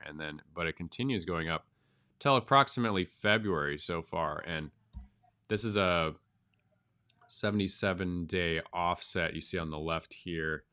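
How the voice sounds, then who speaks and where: A man's voice: low-pitched, pushed and bright. A man with a cold and a nasal voice, casually walking through market charts as a channel host, thinking aloud with frequent ums. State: has a cold. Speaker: crypto astrology channel host.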